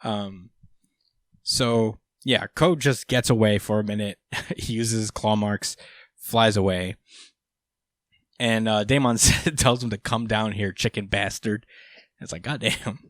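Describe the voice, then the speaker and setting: A man's voice: lowish voice, steady tone, unhurried, long pauses, no echo, clean studio sound. A young man hosting a podcast, recapping a chapter in rambling casual chat with many fillers and casual swearing. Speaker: podcast host.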